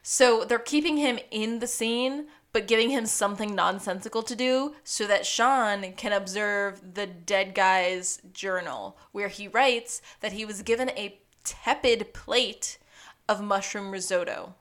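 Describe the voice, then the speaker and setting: A woman co-hosting a casual recap podcast, with a mid-pitched voice. She tells the story with wry, animated asides. The talk is loose and chatty. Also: a little slow. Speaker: podcast co-host.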